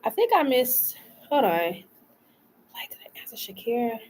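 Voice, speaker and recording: A woman's voice: on the high side, sing-song, unhurried, darkish tone. Chatty woman tarot reader on a live stream. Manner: chatty, colloquial, talks to chat as "y'all" and "love". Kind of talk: casual live-stream chat. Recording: faint background noise.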